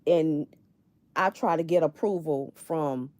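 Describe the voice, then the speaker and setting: Brief: middle-aged woman, low mellow voice, candid live-stream host talking straight to viewers from bed, dry close sound. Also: slow pace, no room sound. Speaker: livestream host. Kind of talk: casual live-stream chat. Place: in bed at home.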